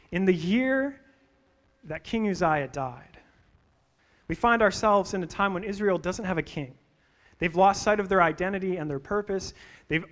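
A pastor with a high voice delivers a sermon in a church. He moves between scripture and funny stories about himself, often turning to his listeners with questions. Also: fairly bright tone. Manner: storytelling with humor and direct questions to the congregation.

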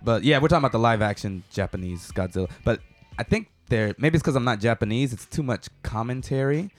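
A man's voice: medium pitch, lively intonation, fast, faint music behind. A man hosting a casual chat, easygoing and telling stories. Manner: easygoing, storytelling.

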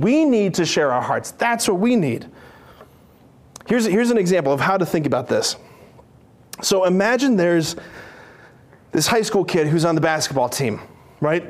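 Guy preaching, high voice, playful and animated, does little character voices. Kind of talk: lively sermon with acted-out stories.

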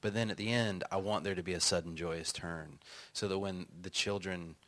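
A man's voice: deep voice, moderate pace. A middle-aged man, an author and songwriter, telling stories in conversation and acting out quotes with laughter. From United States. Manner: animated, acts out quotes, laughs often. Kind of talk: conversational storytelling.

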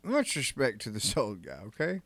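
A man co-hosting a casual podcast, trading easygoing banter, quick to laugh and to curse. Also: mid-range voice, wildly swooping pitch, a bit bright, dry recording. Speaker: podcast co-host. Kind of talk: casual chat.

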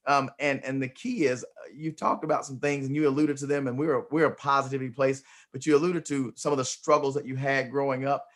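A man's voice: mid-range voice, level tone, a little fast, hardly any pauses. A man hosting a motivational interview, talking emphatically and often repeating words as he starts a thought. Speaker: host.

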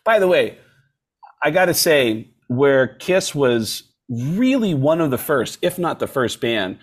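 A male comedian tells stories on a podcast in an animated, joking way. His voice sits in a middle range. He keeps the talk lively and full of jokes. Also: mid-range voice, takes it slowly, slightly rough. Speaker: comedian guest. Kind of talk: casual podcast storytelling.

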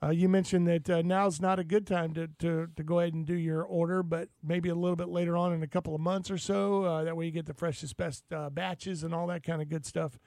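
A man hosting a radio show, talking casually and haltingly with many fillers. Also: fairly high pitch, level tone, darkish tone, dry recording. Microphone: studio microphone.

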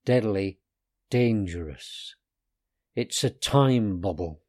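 A man's voice: fairly low pitch, animated, takes it slowly, a little mellow, voice pushed down. A man voicing a boastful, secretive male time mouse in a storybook reading, puffed up with self-importance. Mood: dramatic.

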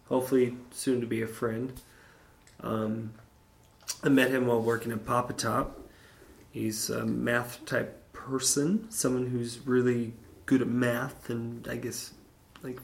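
Man, podcast host, mid-pitched and gravelly, rambling casual chat with crude humor. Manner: rambling, jokey, crude humor, chats to listeners.

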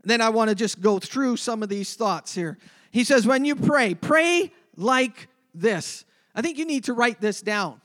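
A man preaching a sermon, emphatic, moving between loud passages and hushed ones. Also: high-pitched, normal speed, hardly any pauses. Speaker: pastor.

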